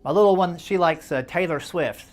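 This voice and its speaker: A man's voice: a little high, normal speed. A man doing stand-up comedy, folksy and self-deprecating, chatting with the crowd as he tells stories. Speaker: stand-up comedian at a charity dinner.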